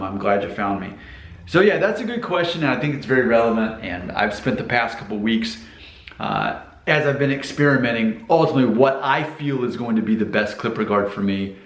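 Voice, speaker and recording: A man's voice: on the low side, roomy sound. An American man talking casually to camera in a rambling, self-promoting vlog about hair. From United States. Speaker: vlogger giving hair advice.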